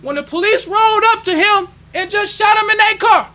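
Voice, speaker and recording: A man's voice: extremely high pitch, brisk, bright, forceful tone. A man preaching a sermon as minister, emphatic and plainspoken, repeating his points. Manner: plainspoken, conversational delivery.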